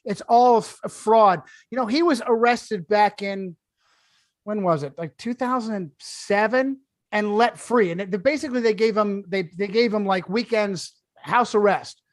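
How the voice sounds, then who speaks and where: A man who is a guest author on a podcast, talking emphatically and sarcastically in quick bursts. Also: sits high, dry recording. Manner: emphatic, sarcastic, rapid-fire. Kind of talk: podcast discussion.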